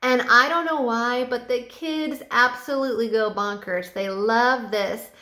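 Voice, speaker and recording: A woman who teaches English online, giving a relaxed, chatty tutorial with a few fillers. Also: a little high, measured pace, roomy sound. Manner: bubbly sing-song teacher voice when quoting her class. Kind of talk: casual tutorial vlog.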